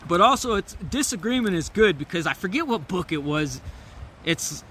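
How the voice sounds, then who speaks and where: A young man vlogging outdoors, telling a fable and then musing on it in a relaxed, rambling way with filler words and laughs. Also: high-pitched, normal speed, a little hiss or hum. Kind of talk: casual storytelling and musing.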